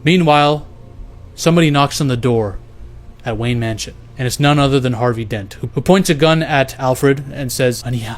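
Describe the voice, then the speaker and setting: A man's voice: medium pitch, normal speed. A young man casually retelling a speculative movie plot, loose and profane, slipping into paraphrased dialogue for each character.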